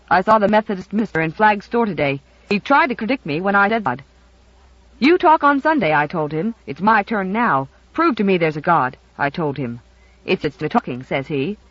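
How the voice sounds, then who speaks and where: A reader doing a booming, gruff uncle. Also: expressive, normal speed, a bit bright, dry recording, muffled recording.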